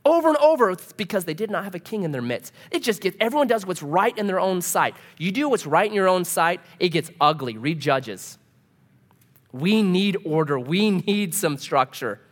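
A pastor preaching a casual, humorous sermon, full of rhetorical questions. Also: male voice, high-pitched, lively intonation, moderate pace.

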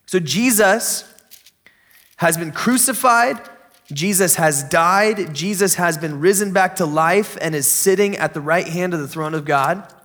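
A man's voice: high voice, a little slow, a bit bright. A young man preaching a sermon in an enthusiastic, conversational, joking way. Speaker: pastor.

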